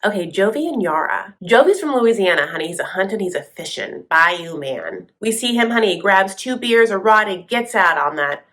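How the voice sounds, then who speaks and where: Host, woman, low-voiced, sassy gossip recap with snappy asides and quick mimicked voices. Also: fairly bright tone. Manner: sassy, gossipy, calls the viewer honey; breaks into quick voices for the people she quotes. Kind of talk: casual TV recap commentary.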